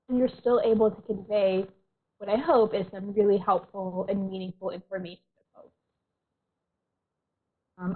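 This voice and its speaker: A woman counselor giving an online workshop in a gentle, reassuring way, often clearing a tickle from her throat. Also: medium pitch, steady tone, moderate pace, long pauses. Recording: tinny phone-like audio.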